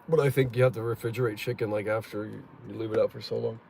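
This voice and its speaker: A man's voice: lowish voice, fairly even intonation, fast talker, gravelly, dark tone, a little hiss or hum. A man streaming live from his parked car, chatting in a rambling, blunt and profane way with lots of fillers. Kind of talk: casual live-stream chat. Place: parked car in a parking lot.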